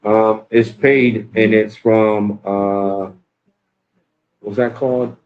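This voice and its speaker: A man's voice: lowish voice, steady tone, drawn-out words. A man hosting a casual chat with an AI assistant, talking loosely and searching for words as he goes. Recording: dull lo-fi sound with faint noise.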